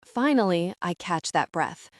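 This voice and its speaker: A woman's voice: lowish voice, lively intonation, unhurried, no echo. Woman narrator, emotional first-person romance read, dry close studio sound. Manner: intimate, emotional reading. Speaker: audiobook narrator.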